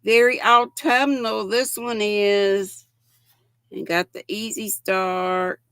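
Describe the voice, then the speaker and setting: Chatty older woman host, gravelly. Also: lowish voice, a bit bright, no room sound, studio quality. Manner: chatty, reads viewer comments aloud with affectionate greetings. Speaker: livestream host. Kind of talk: casual chat while showing yarn.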